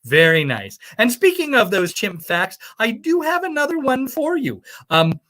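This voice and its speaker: A rambling, cheerfully misinformed self-proclaimed primatologist, played by a woman calls bingo numbers in a put-on accent that slides toward the American South. Her voice sits a little high and swoops all over the place as she drifts from one tangent to the next. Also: big pitch swings, moderate pace, a bit bright. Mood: chatty. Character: scatterbrained self-proclaimed primatologist woman, sister of a famous chimp expert. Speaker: bingo caller. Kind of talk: comic live-stream character bit.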